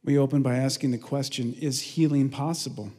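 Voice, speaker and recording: A man preaching a sermon, telling stories with energy and dropping to a hushed, prayerful tone. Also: brisk. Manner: earnest, lively storytelling with hushed prayerful lows. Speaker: pastor. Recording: long reverb of a large hall.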